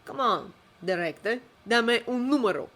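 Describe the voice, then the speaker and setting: A woman's voice: on the high side, animated, moderate pace, a bit bright, pitched above the performer's own voice. A woman playing a menacing, mocking vigilante. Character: menacing vigilante cabbie, young man, cold and cruel.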